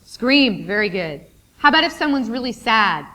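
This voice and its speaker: A woman's voice: fairly high pitch, very animated, bright, forceful tone. Encouraging woman teacher in a classroom. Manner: encouraging, praises answers often; lists words rapidly. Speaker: teacher leading a workshop. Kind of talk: interactive classroom lesson. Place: classroom with a board.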